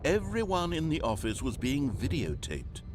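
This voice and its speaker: A man's voice: mid-range voice, wildly swooping pitch, moderate pace, background noise. A man playing a wry, all-knowing storyteller narrator in a video game, with a dry, mock-dramatic delivery. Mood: narrating. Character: wry omniscient adult male storyteller narrator.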